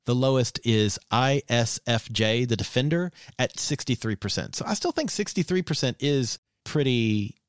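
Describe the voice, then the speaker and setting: A man's voice: medium pitch, expressive, normal speed, few pauses, clean tone, dry recording, clean studio sound. A man hosting a podcast in casual chat, joking playfully while reading sponsor ads. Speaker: podcast host.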